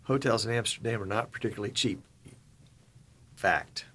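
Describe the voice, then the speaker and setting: Male livestream host, middle-aged, from Virginia, folksy chatty sign-off, low pitch, faint noise behind. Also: normal speed, pauses often, fairly bright tone. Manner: folksy, chatty, reads comments aloud and laughs. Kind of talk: casual livestream sign-off, reading viewer comments.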